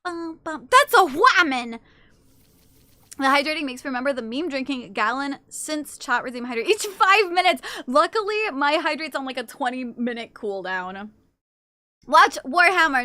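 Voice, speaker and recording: A young woman streaming live responds to her chat on the spot, playfully teasing and swearing as she reacts quickly. Her voice is high and bright, and the sound is close and dry with no room sound at all.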